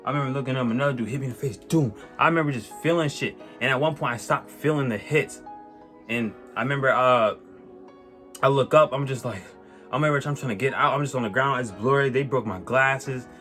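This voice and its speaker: A man telling a personal story on his vlog in a casual, animated way, swearing and using lots of slang, with many restarts. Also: mid-range voice, fairly quick. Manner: animated, profane, slang-heavy, rambling with restarts. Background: faint music.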